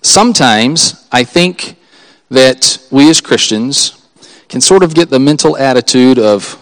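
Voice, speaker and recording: A man's voice: medium pitch, expressive, measured pace, fairly bright tone, poor audio. A pastor preaching a sermon to his congregation in a church, talking earnestly and conversationally, with chuckling asides and appeals that build in emphasis. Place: church sanctuary before a congregation.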